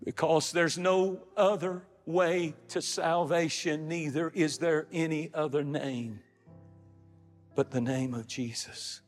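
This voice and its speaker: A man's voice: on the high side, steady tone, slow. A man preaching a sermon, emphatic, with dramatic rises and drops in his delivery. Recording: long hall reverb with faint music.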